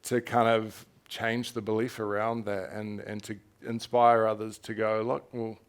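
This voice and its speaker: In a candid live conversation at a festival, a young author from New Zealand recounts his story frankly and animatedly, laughing and occasionally swearing. He speaks unhurriedly in a smooth, fairly low voice with little pitch movement.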